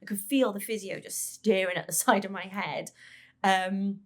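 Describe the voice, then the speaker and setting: With a mid-range voice and fairly even intonation, a parent describes her child's brain injury during a podcast interview. She stumbles and repeats words as she goes, performing the dialogue she recalls.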